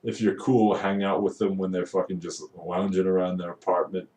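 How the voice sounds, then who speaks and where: Deep-voiced man on a sweary rant. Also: flat delivery, moderate pace, mellow, distant mic. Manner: profane, swears constantly, rambling. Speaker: retail worker. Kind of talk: casual ranting vlog. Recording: roomy echo, voice away from the mic.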